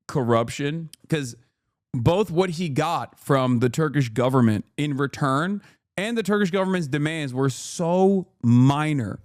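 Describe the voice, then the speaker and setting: Brief: a sarcastic male streamer, voice a touch high, dry close sound, swearing and rambling. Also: lively intonation, unhurried, darkish tone, no echo. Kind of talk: casual commentary.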